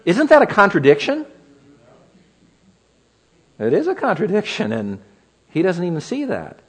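A man's voice: high voice, huge pitch swings, measured pace, breathy edge. A man preaching an expository sermon, teaching verse by verse and asking the listeners rhetorical questions.

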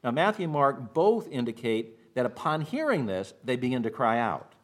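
A man preaching a sermon as pastor, walking through scripture and now and then acting out the shouting of the people in the story. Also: mid-range voice, big pitch swings, normal speed, hardly any pauses. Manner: expository preaching, acts out shouted quotes.

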